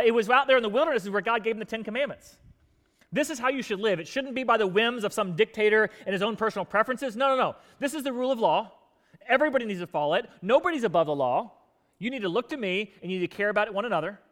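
A man preaching in church with a high-pitched, lively delivery. He tells stories with energy and acts out complaining crowds in quoted voices, his volume swinging between loud outbursts and quiet asides. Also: quick pace, big-room sound. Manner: animated storytelling, acting out grumbling crowds in quoted voices. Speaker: pastor. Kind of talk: sermon.

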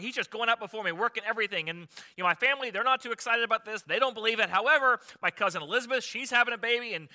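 A man's voice: high voice, bright, forceful tone, heavily acted. A man voicing an exasperated young mother-to-be, asking pleading, incredulous rhetorical questions.

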